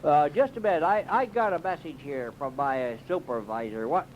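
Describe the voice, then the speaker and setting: A man's voice: on the high side, lively intonation, brisk, a little hiss or hum. A man doing a comic monologue as a cave tour guide, rambling in a folksy drawl with bouts of mock alarm. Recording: dull lo-fi recording.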